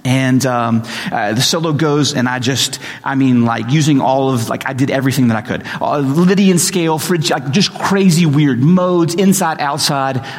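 A man preaching a sermon as pastor, telling stories with animated acted-out voices. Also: mid-range voice, moderate pace. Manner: animated storytelling, acts out quoted voices. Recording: reverberant hall recording.

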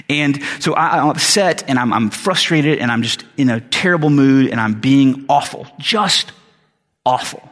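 A middle-aged male pastor preaches in an earnest, conversational way, often restarting his sentences. His voice is husky and sits at a medium pitch. A long hall reverb trails behind every phrase. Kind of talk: sermon.

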